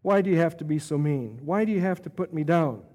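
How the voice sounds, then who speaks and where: A man voicing a weary middle-aged woman, hurt but gentle, who speaks in a hesitant, pleading way. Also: on the high side, lively intonation, a little fast, lightly acted.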